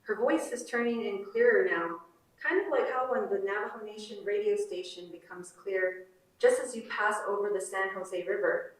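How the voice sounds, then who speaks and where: A woman presenting at a conference, reading a short story aloud in a measured, unhurried way and then commenting on it. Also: medium pitch. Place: conference room. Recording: roomy hall from far off.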